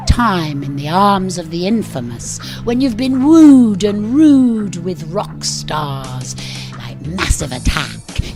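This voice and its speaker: A woman's voice: lowish voice, full character voice. An actress playing a flamboyant, flirtatious vamp mother in a radio comedy. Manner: theatrical, flirtatious, drawn-out.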